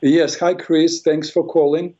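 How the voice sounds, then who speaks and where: A man hosting a radio call-in show as a mental health practitioner, calm and affirming, with frequent fillers. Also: fairly high pitch, a little slow, dull audio.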